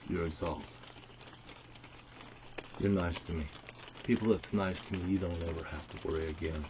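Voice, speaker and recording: A man's voice: deep voice, steady tone, moderate pace, background noise. A man giving an angry, profanity-filled monologue to the camera, ranting and swearing constantly. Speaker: vlogger. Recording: dull lo-fi audio.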